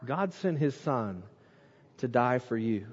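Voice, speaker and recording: A man preaching an evening sermon, emphatic, repeating words for stress and dropping to a low hush at the ends of phrases. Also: lively intonation, slow, husky. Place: church sanctuary during an evening service. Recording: muffled recording with long hall reverb.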